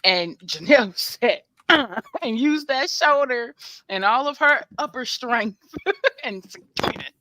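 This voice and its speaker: A woman's voice: on the high side, animated, measured pace, fairly bright tone, rough recording. A woman co-hosting a casual reality-TV recap podcast, making her points firmly and matter-of-factly. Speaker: podcast co-host.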